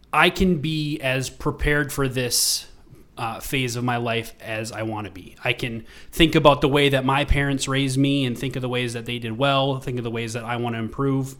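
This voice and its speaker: A man co-hosting a podcast, talking casually with frequent ums and uhs. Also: medium pitch. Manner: relaxed, lots of ums and uhs. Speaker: podcast co-host.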